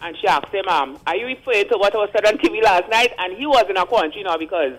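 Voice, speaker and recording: A man's voice: high-pitched, expressive, fast, fairly bright tone, low-quality recording. A man calling in to a radio show to give his opinions, hesitant and searching for words as he goes. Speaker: caller. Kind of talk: call-in radio commentary.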